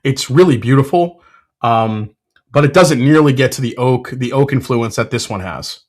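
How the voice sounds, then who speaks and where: Male host, casual tasting talk, gets fired up, mid-pitched, lots of ums. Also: moderate pace. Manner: excitable, blurts sports trash talk; frequent fillers and self-corrections. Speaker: whiskey reviewer, show host.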